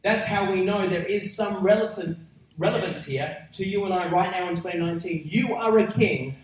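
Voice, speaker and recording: A man's voice: sits high, moderate pace, recorded from a distance. Man preaching in an echoey hall. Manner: emphatic, building to loud roaring peaks. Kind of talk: sermon. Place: large church hall.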